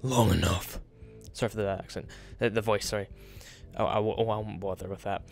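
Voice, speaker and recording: A man's voice: on the low side, level tone, fast, soft background music. A man hosting a gameplay walkthrough, chatting casually with apologetic asides between reading game lines. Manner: chatty, apologetic asides, reads game dialogue aloud in put-on voices. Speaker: gameplay video host.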